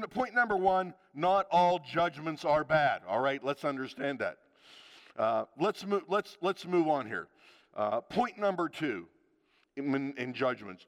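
A man's voice: medium pitch, in a large hall. A man in his sixties preaching a sermon, telling funny stories from his marriage and acting out the lines of the people in them. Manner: animated storytelling with acted quotes and laughter. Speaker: pastor.

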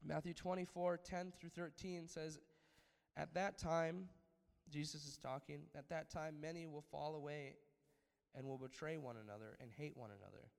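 A male pastor preaches a sermon in a fairly high voice, often asking his listeners for an amen. His delivery swells to emphatic peaks before settling back down. The sound carries a long reverb, as if recorded in a large hall. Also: fairly even intonation, normal speed, vocal fry, clean tone.

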